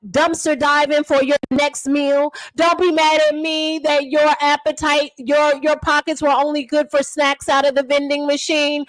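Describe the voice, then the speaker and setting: A woman delivering a sassy, mocking roast, taunting with repeated refrains and drawn-out emphasis. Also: sits high, no echo. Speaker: online commentator.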